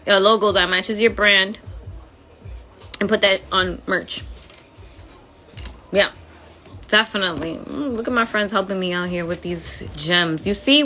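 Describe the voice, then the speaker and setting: Chatty and friendly, a woman speaking accented English hosts a casual livestream from her phone, tossing around informal slang. Her voice is medium-pitched with a sharp tone.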